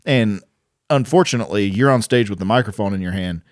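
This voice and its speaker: A man's voice: on the low side, fairly quick, dry recording, clean studio sound. A young man co-hosting a casual chat about stand-up comedy, explaining his views in a laid-back way. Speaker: podcast co-host, aspiring comedian.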